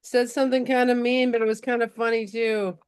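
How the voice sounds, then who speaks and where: A woman co-hosting a casual chat, playful with quick reactions. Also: fairly high pitch, flat delivery, smooth. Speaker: podcast co-host.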